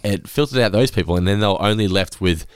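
An Australian man in his thirties, co-hosting a casual chat, animated and sweary. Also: fast, clean tone, no room sound, studio quality. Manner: animated and sweary, swings into high excited bursts. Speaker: podcast co-host.

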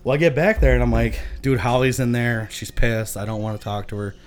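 A relaxed young man from Michigan spins a long personal story. His voice sits at a medium pitch. He is casual and profane, and he laughs easily. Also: fairly quick. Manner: laid-back, laughing often, profane. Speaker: podcast guest.

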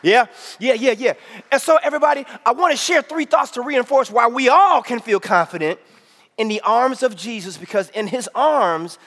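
A man preaching a sermon to a congregation, calling out for responses and often shouting with excitement. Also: extremely high pitch, normal speed. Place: church with audience. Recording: long hall reverb.

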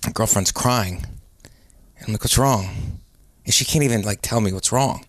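Man, podcast guest, low voice, laid-back, rambling, dry close recording. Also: normal speed, fairly bright tone, no echo. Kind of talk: casual storytelling chat.

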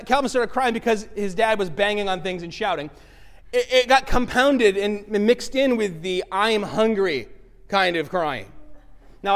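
A middle-aged male pastor preaching a sermon, telling a personal story in a lively way and acting out the voices. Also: extremely high pitch. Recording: long reverb from a large hall.

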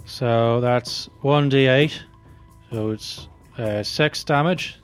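A man's voice: mid-range voice, slow pace, soft background music. A man playing a tabletop game, methodically walking through his attacks. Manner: methodical, counts out attacks step by step. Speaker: player.

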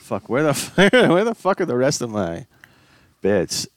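A man's voice: medium pitch, wildly swooping pitch, unhurried, no echo. A young man co-hosting a casual comedy podcast, rambling through a story with plenty of fillers and casual swearing. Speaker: podcast co-host.

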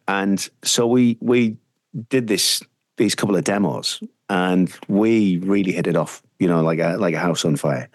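A man's voice: fairly low pitch, no room sound, studio quality. A middle-aged man with a Teesside accent, a radio presenter telling long rambling stories in an interview, full of fillers. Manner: rambling, anecdotal, frequent fillers. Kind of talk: casual interview storytelling.

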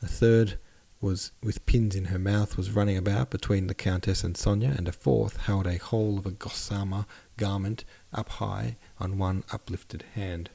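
A man's voice: on the low side, steady tone, moderate pace, creaky, hardly any pauses, mellow. A man narrating a classic novel aloud on his podcast, plainly and evenly, stopping to correct his own slips. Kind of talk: audiobook narration.

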